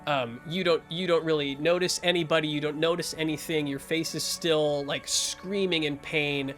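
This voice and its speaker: A man's voice: on the high side, steady tone, normal speed, a bit bright, soft background music. A man narrating as game master of a tabletop game, improvising with lots of fillers and restarts.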